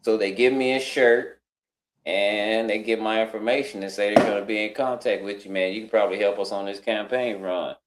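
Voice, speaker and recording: A man's voice: lowish voice, fairly even intonation, brisk, very noisy. A man telling a long story in casual talk, acting out what other people said in changed voices. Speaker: guest on a live talk stream. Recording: roomy echo.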